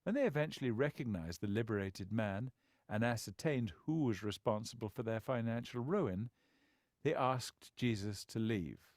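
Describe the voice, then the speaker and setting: A man narrating a book as an expressive storyteller with wry asides, close to the mic. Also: medium pitch, moderate pace, no echo. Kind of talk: scripted narration.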